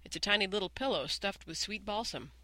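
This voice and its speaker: A man reading aloud and voicing a shy, soft-spoken young schoolgirl. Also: high-pitched, expressive, fairly quick, dry recording, voice pushed up, heavily acted.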